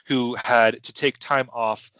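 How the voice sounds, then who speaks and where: A man's voice: medium pitch, steady tone, slow, a bit bright, clean tone, no echo. A man hosting a podcast in casual chat, rambling and hesitant with many restarts. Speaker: podcast host. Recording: dull lo-fi sound.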